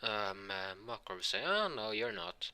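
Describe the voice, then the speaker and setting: A man improvising a fan fiction story, rambling and halting as he voices the characters' lines in his own voice. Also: lowish voice, sing-song, sharp tone, smooth. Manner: rambling, halting delivery with many restarts.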